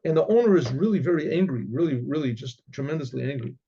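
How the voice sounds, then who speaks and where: A man, a rabbi, telling a religious story in a halting way with many restarts and frequent throat-clearing. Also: on the high side, lively intonation, dark tone, muffled recording. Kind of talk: oral storytelling.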